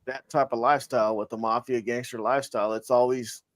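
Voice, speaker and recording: A man's voice: medium pitch, level tone, fast, dry recording. A man co-hosting a podcast, talking loosely and often restarting his sentences while he lays out a story idea. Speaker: podcast co-host. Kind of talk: casual chat.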